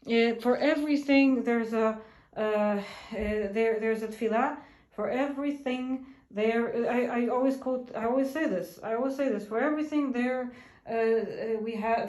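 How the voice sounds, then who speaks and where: A woman's voice: a little high, darkish tone, reverberant. A woman talking casually and earnestly, stopping and restarting often as she searches for words. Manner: halting, full of restarts and fillers; earnest, talks about prayer and blessings. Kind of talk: casual chat.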